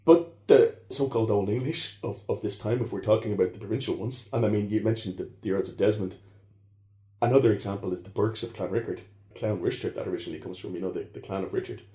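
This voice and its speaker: A man's voice: on the low side, fast talker, dark tone. A man explaining history as a podcast guest, talking in a digressive way with many asides and restarts. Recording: roomy echo.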